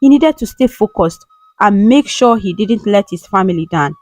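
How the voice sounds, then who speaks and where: A woman reading a scripted story in a steady, even narration. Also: medium pitch, moderate pace, rough recording.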